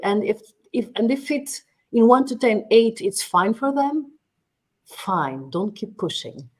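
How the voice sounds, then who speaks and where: A middle-aged woman speaks English with a Portuguese accent, her voice sitting at an ordinary pitch. She talks as an interview guest, expressive and searching for words, often restarting her sentences. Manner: warm, expressive, with frequent restarts and laughs. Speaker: guest, media training executive. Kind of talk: casual interview answers.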